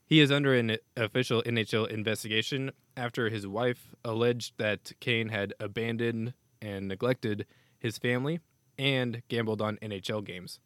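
A man's voice: on the low side, fairly even intonation, moderate pace, fairly bright tone, no echo. A man hosting a casual hockey news podcast, reading statements aloud with offhand asides. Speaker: podcast host.

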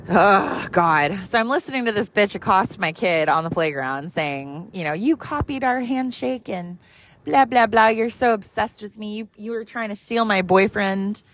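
An animated woman in her thirties tells a long story in a car while she drives. She talks casually and swears freely, and she laughs often as she goes. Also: medium pitch, normal speed. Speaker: mother telling a story.

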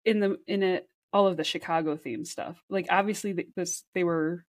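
A woman's voice: lowish voice, fairly even intonation, moderate pace, no echo. A woman hosting a podcast in casual chat, emphatic and laughing often. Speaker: podcast host.

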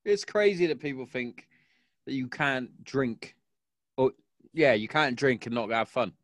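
A man's voice: mid-range voice, lively intonation, a little slow, fairly bright tone. A man in casual chat, mostly answering with short agreeing remarks. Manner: brief agreeing interjections.

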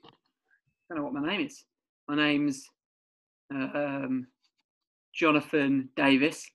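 Casting: male podcast co-host, a bit high-pitched, loose banter. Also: little pitch movement, slow, vocal fry, long pauses, a bit bright, poor audio. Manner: laughing, swearing, loose and chatty.

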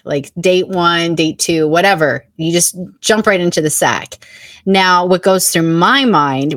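A woman's voice: on the low side, no echo. A woman co-hosting a podcast in frank, casual chat, blunt and swearing freely. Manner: blunt and candid, swears freely, acts out quotes. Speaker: podcast co-host.

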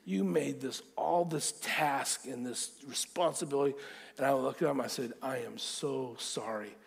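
A man preaching a sermon through lively personal stories, acting out the voices in them. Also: medium pitch, normal speed, creaky, big-room sound. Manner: animated storyteller, acting out quotes. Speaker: pastor. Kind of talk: storytelling sermon.

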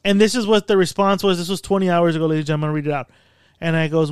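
A man's voice: high voice, racing, clean tone, dry recording, studio quality. A man hosting a podcast in casual chat, telling stories animatedly and swearing often. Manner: profane, animated storytelling. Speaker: podcast host. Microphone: studio mic.

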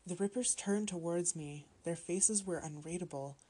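A woman reads a horror story aloud in a steady, measured way. Her voice sits low and carries a husky grain. She keeps the telling calm and even. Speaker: story narrator.

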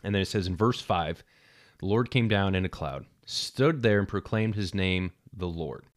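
A man's voice: sits low, normal speed, no echo, studio quality. A man hosting a podcast, talking earnestly about fatherhood with frequent fillers, restarts and repeated words. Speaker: podcast host. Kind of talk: casual faith talk on fatherhood.

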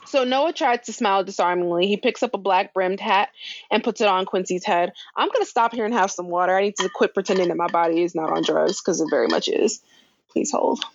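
A woman's voice: mid-range voice, fairly quick, creaky, lo-fi sound, a little hiss or hum. A woman co-hosting a podcast, casually recapping a show, laid-back, swearing offhandedly and laughing often.

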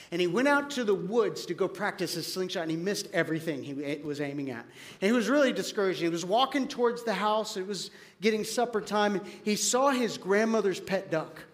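A man preaching a sermon as pastor, telling stories with animated acted-out quotes and dropping to a quiet, earnest tone when applying them. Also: high-pitched. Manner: animated storytelling, acts out quoted voices; drops to quiet, earnest tone for application.

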